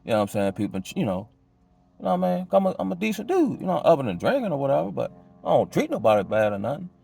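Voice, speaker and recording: A man giving a casual personal testimony, talking loosely in street slang with many restarts, his pitch jumping high when he gets worked up. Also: huge pitch swings, fast talker, vocal fry, mellow, husky. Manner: conversational, loose street slang, many restarts and "you know what I'm saying"; emotional, pitch jumps high when agitated.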